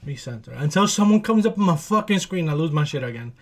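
A man hosting a music video reaction, excitable and swearing freely, talking to himself and squealing when thrilled. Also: high-pitched, fast talker. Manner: talks to himself aloud. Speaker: reaction channel host. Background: faint music video playing.

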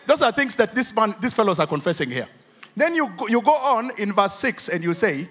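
A man's voice: high-pitched, big pitch swings, fairly quick, fairly bright tone. A Kenyan pastor preaching a sermon to his church, asking his congregation questions as he goes.

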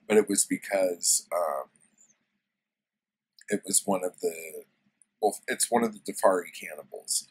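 A man's voice: low-pitched, measured pace, long pauses, husky, rough recording. A man casually retelling a story as a book reviewer, loose and profane, full of fillers.

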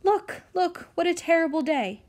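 A woman voicing a fussy older female nurse who scolds and gives orders, jumping up high in pitch when she cries out. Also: lively intonation, moderate pace, a little mellow. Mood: panicked. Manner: bossy, scolding, then wailing. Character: fussing older female nurse, bossy then panicked.

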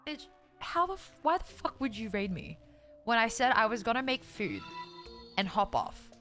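A woman's voice: on the high side, lively intonation, moderate pace, soft background music. A young woman from Australia streaming live, chatting casually with her viewers. She swears freely, sounds exasperated and laughs a lot. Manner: loud, profane, exasperated, laughing often. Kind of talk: casual live-stream chat, reading chat aloud.

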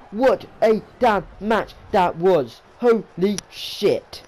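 High-voiced excitable man commentating. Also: very slow, poor audio. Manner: excitable, repeats calls, stumbles over words. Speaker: video game commentator. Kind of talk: excited play-by-play commentary on a wrestling video game.

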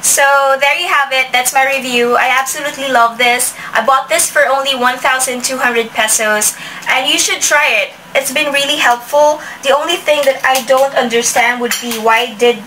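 Bright, high-voiced woman vlogger. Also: steady tone, normal speed, far from the mic, a little hiss or hum, rough recording. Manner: chatty, with restarts and frequent "like". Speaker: beauty vlogger. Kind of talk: casual product review.

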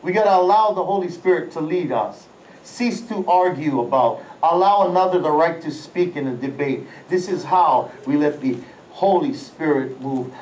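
A high-pitched man delivers a lively sermon, full of animated bursts and sound-effect words. His voice rings through a large, echoey auditorium from a distance, with faint ambience behind it. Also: slight background noise. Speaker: senior pastor. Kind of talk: live sermon. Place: large auditorium during a church service. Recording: echoey hall, voice away from the mic, faint ambience.

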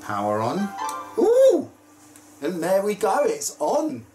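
A man vlogging in a casual, chatty way, excitable and prone to squeals of delight. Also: sits high, a little slow, roomy sound, loud music behind the voice, rough recording. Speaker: YouTube vlogger. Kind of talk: casual chat.

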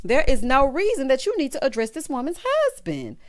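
A woman recaps reality TV in a sassy, gossipy vlog voice. Her pitch sits slightly high and leaps around with lots of expression. She keeps dropping "honey" and "child" as she reacts to the drama. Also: a little fast, creaky. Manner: sassy, chatty, sprinkles "honey", "baby" and "child"; animated, breaks into loud hollering laughs. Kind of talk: casual recap commentary.

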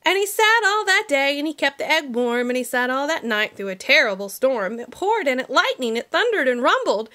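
A teacher, a woman, reading a rhyming picture book aloud to children with an expressive storytelling manner. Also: high-pitched, fairly quick, hardly any pauses.

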